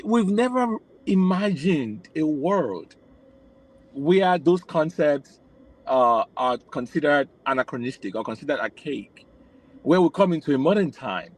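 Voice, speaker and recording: A man's voice: a little high, poor audio. A man from Nigeria, a podcast guest, explaining his views at length in a reflective way, often restarting his sentences. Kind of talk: casual podcast conversation.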